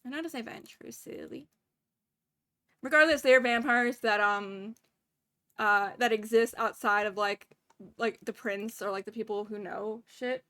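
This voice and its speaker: A woman's voice: a little high, normal speed, pushed and bright. Chatty young woman streaming a game. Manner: chatty, swearing, laughing at mispronunciations.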